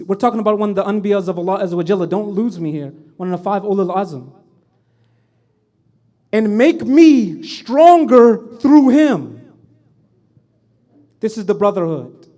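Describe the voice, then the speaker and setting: High-voiced male speaker, impassioned storytelling talk, loud emphatic surges. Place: event hall.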